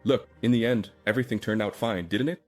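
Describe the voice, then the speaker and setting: A cocky young hero , as a recap narrator puts him on, talks in a loose, teasing way. The voice stays fairly low. Faint music hums behind. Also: male voice, quick pace, a little mellow, close to an everyday voice. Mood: playful. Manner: breezy, teasing. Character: cocky young male hero, playful and sly.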